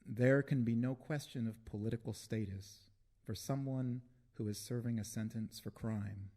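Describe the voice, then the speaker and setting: A man's voice: medium pitch, fairly even intonation, moderate pace, dark tone, lightly acted. A man imitating a stern older woman politician in a firm, declarative way, with no real accent attempted.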